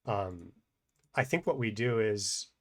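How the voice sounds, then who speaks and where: Male teacher, low voice, casual think-aloud grammar explainer. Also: slow pace. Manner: thinks aloud with many fillers and restarts. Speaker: language teacher.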